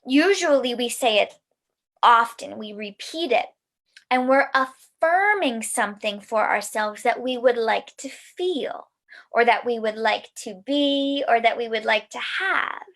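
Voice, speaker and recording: A woman guides children through a mindfulness practice in a calm, soothing tone. She speaks very slowly with a fairly high voice. A gravelly fry runs under her words. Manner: slow, gentle, soothing instruction. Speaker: mindfulness teacher.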